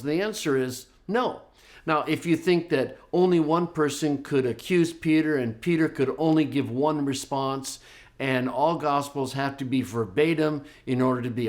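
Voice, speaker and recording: Man explaining scripture, lively teacher. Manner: lively, voices the quoted speakers with rising pitch. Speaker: Bible teacher. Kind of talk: explanatory lecture.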